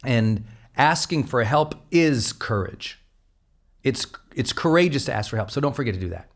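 Pumped-up male host giving a motivational pep talk, emphatic and high-energy. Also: moderate pace. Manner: energetic and emphatic, swings from loud exhortation to low asides. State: fired up. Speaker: podcast host. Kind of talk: motivational monologue.

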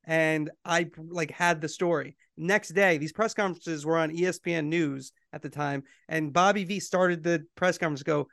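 A man's voice: a little high, fairly even intonation, moderate pace, vocal fry, few pauses, a bit bright, dry recording, clean studio sound. A middle-aged man co-hosting a podcast in casual chat, telling stories and laughing easily. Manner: chatty, storytelling, laughs easily. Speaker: podcast co-host.

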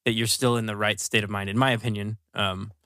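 A man's voice: on the low side, little pitch movement, brisk, sharp tone, clear, resonant tone, dry recording, studio quality. A man co-hosting a casual podcast, musing in a rambling way with lots of fillers. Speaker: podcast co-host. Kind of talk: casual chat.

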